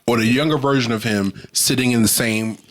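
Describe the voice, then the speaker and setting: A man co-hosting a podcast, casually recapping a movie plot in a lively storytelling way, with lots of filler words. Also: medium pitch, a little fast, a little hiss or hum. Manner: lively storytelling with frequent "like" fillers, acts out quotes. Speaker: podcast co-host.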